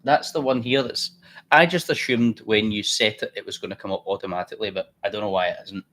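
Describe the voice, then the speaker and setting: With a fairly low, fairly bright voice, this man speaks fairly quickly while running a live trading stream. His commentary is casual, talkative and blunt, like he's reasoning aloud mid-task.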